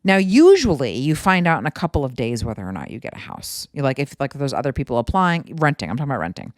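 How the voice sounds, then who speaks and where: A woman's voice: extremely low pitch, very animated, quick pace, no echo, clean studio sound. A woman in her thirties hosting a podcast, chatting at home in a rambling, casual storytelling way full of asides. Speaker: podcast host.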